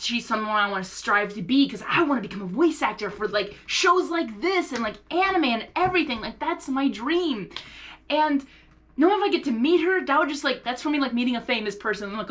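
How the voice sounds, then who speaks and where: A young woman telling a personal story to her viewers in an excitable, gushing way, full of fillers and restarts. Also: on the high side, moderate pace, soft background music. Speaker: vlogger. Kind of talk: casual storytelling.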